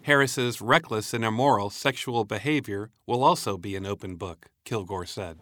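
A man reading a scripted news narration in a measured, even way. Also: on the low side.

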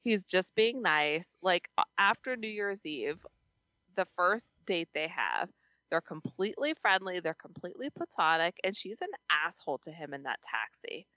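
A woman co-hosting a podcast in casual chat, blunt and quick to swear, laughing often. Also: lowish voice, big pitch swings, pushed and bright, no echo, highs cut off. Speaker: podcast co-host.

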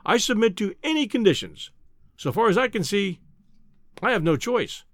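A man's voice: sits high, big pitch swings, normal speed, fairly bright tone, no echo, clean studio sound, exaggerated voice. A man voicing a flustered, earnest young Irish journalist who stammers in an audiobook reading.

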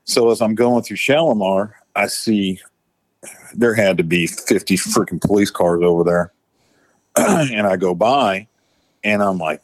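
A former tow truck driver from the Florida Panhandle, US, tells a rambling, profane story full of fillers and restarts. His voice is lowish and unhurried, and there's no room sound in the recording.

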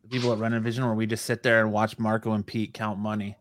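A man's voice: fairly low pitch, little pitch movement, fast, a little hiss or hum. A man co-hosting a podcast, telling wry, laid-back stories in casual chat. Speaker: podcast co-host.

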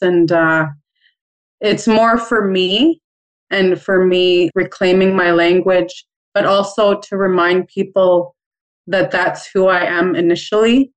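A middle-aged woman from Canada answering interview questions about making ribbon skirts, in a calm, measured, thoughtful way. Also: lowish voice, low-quality recording.

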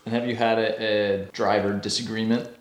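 A man's voice: fairly low pitch, little pitch movement, normal speed. A male podcast host chatting casually and asking follow-up questions. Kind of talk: casual chat. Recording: echoey room with crowd noise.

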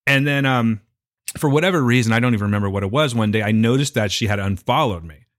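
Quick, animated male co-host with dry, close sound. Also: mid-range voice, no room sound. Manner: storytelling, animated quoting of others. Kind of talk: casual chat.

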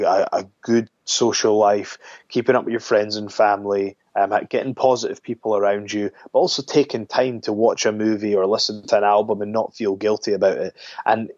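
A man's voice: on the low side, a little mellow, no room sound, lo-fi sound. A man talking as a podcast guest in an earnest, rambling way, often stopping to correct himself. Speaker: guest, wrestler. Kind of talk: casual podcast interview.

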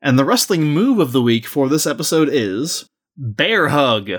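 A man's voice: fairly high pitch, sing-song, measured pace. A man co-hosting a podcast in casual chat, joking and introducing segments. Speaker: podcast co-host.

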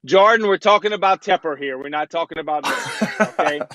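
A man's voice: fairly high pitch, fairly quick, crowd noise, low-quality recording. A man co-hosting a casual sports podcast, teasing and playfully indignant. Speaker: podcast co-host.

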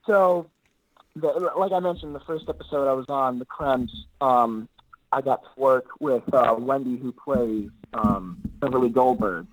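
An easygoing male actor chatting in an interview, his speech loose and rambling, full of filler words. His voice sits in an ordinary middle pitch. The recording is dry, with no room echo. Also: a little slow. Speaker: actor guest. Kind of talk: casual interview chat.

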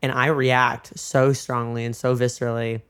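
Man, early twenties, smooth clear voice, halting and reflective. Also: mid-range voice, little pitch movement, fairly bright tone. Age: 20s. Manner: hesitant, repeats words, lots of fillers. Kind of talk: casual chat.

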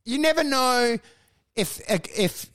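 A man's voice: extremely high pitch, animated, slow, fairly bright tone. A man co-hosting a comedy podcast, riffing profanely and rambling while acting out bits in quoted voices.

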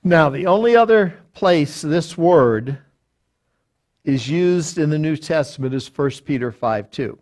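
A man's voice: on the high side, lively intonation, a little mellow. An older man, a pastor, teaching a Bible study verse by verse, quoting reference books aloud and often restarting with fillers. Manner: deliberate, quotes lexicons aloud, frequent fillers and restarts.

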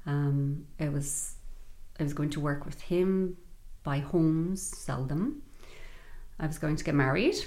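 A woman guest on a podcast, telling her personal story in a measured, reflective way. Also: low voice, expressive, dark tone.

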